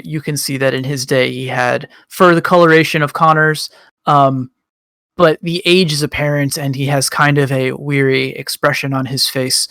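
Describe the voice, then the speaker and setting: A man narrates a tabletop session as game master, relaxed and pausing often. His voice is fairly high with a gravelly texture, recorded dry and close. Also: no room sound. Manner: relaxed, with frequent ums and pauses.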